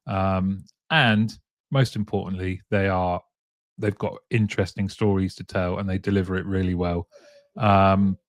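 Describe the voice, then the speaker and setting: A man's voice: fairly low pitch, no room sound, studio quality. A man hosting a casual live-streamed talk show, chatting, reading out viewer comments and often chuckling. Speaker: show host.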